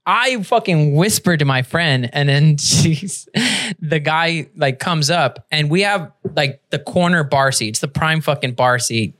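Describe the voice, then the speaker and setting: Profane, animated man telling a story. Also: on the high side, measured pace, few pauses. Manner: animated, profane storyteller who laughs through his stories. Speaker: podcast host. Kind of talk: casual podcast chat, storytelling.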